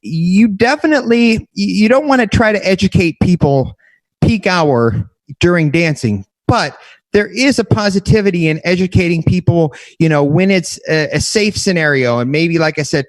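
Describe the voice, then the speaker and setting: Man presenting to DJs, slightly high voice, earnest and chatty, dry close sound. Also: animated, normal speed, no echo. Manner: earnest, conversational, self-correcting. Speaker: DJ educator. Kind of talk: educational presentation.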